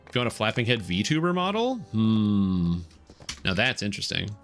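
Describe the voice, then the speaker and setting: A Canadian man with a general North American accent, chatting casually on a game stream and enunciating each word clearly. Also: on the low side, big pitch swings, normal speed, fairly bright tone, soft background music. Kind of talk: casual live-stream chat.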